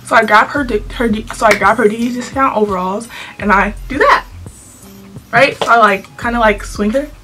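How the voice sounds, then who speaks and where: A teenage girl telling a storytime vlog to her camera in an animated, sassy way, full of slang. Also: on the high side, normal speed, music in the background. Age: teens. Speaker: vlogger.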